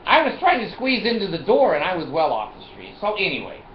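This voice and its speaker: A man recounts a personal story in a vlog, acting out each exchange with laughs and curses. His voice sits fairly high and swings widely in pitch. The recording is muffled and lo-fi, with a roomy echo. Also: a little fast, a little hiss or hum. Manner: animated, acts out dialogue, laughs and swears. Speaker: vlogger. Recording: echoey, dull lo-fi room recording.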